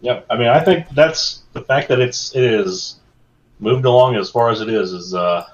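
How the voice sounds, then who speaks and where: A man's voice: medium pitch, moderate pace, a little hiss or hum. A man on a casual podcast, telling stories in a rambling, meandering way. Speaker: podcast co-host. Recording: dull lo-fi sound.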